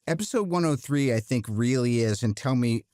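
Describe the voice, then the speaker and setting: Laid back guy thinking out loud on a podcast, dry studio mic. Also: mid-range voice, normal speed, dry recording. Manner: relaxed, musing, conversational. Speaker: actor guest. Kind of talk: podcast interview.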